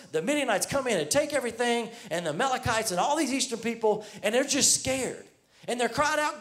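A man preaching a sermon, retelling a Bible story in casual, everyday speech and speaking the figures' lines in his own voice. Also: high voice.

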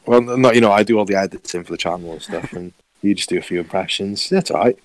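A man's voice: sits low, fast, no echo. A man co-hosting a podcast in casual chat, laughing often and correcting himself mid-sentence. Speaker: podcast co-host.

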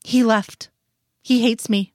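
A woman's voice: on the high side, steady tone, slow, darkish tone, no room sound, studio quality. A woman voicing a distraught, crying wife in an audiobook reading. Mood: tearful. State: tearful.

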